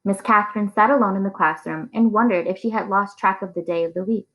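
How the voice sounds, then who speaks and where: A woman reading a novel aloud in a steady storytelling manner. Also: medium pitch, fast, low-quality recording. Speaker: reader.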